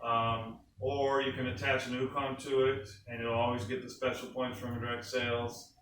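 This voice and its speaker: A man's voice: medium pitch, flat delivery, moderate pace, a bit bright. A man giving an enthusiastic sales presentation to a small group, asking the room questions as he goes. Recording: echoey room from a distant mic with faint noise.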